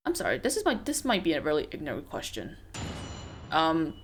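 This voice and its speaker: A woman's voice: deep voice, wildly swooping pitch, a little fast, slight background noise. Self-deprecating rambling woman gamer. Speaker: let's play streamer. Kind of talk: casual game commentary. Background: game music.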